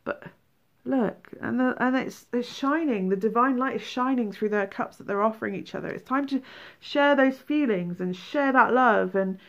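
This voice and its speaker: A woman giving a tarot reading, animated, exclaiming and acting out feelings. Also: fairly high pitch, normal speed, hardly any pauses, highs cut off. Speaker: tarot reader.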